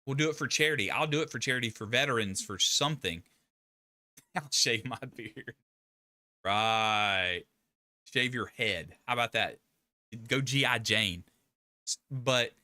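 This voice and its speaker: A man's voice: mid-range voice, sharp tone, no room sound. An older man, hosting a casual live stream, talking in a rambling, emphatic way with frequent restarts.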